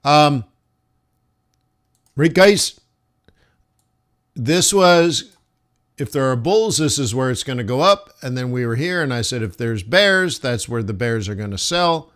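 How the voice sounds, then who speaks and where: Thinking out loud over forex charts on a live trading stream, a man speaks slowly and addresses his chat as "guys." The voice is mid-range and expressive, with a fairly bright tone.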